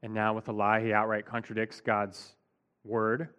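A man's voice: lowish voice, completely flat delivery, moderate pace, a bit bright, clear, resonant tone, highs cut off. A man preaching an expository Bible teaching in a conversational, emphatic way, often saying "like".

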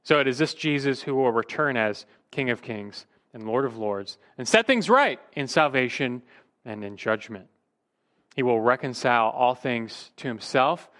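A man's voice: mid-range voice, lively intonation, normal speed, a bit bright. A male pastor preaching a sermon emphatically, his voice rising and dropping for emphasis, sometimes restarting a word mid-phrase.

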